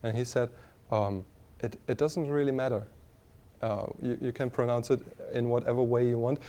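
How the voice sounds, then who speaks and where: A man with a German accent giving a university lecture, halting with many fillers and restarts, often asking the class questions. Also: mid-range voice, steady tone, warm tone.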